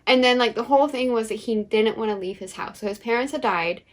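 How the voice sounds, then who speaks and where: A woman's voice: fairly high pitch, fast talker. A young woman co-hosting a book vlog, chatting casually with lots of fillers and frequent laughs. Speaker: book vlogger co-host. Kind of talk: casual chat.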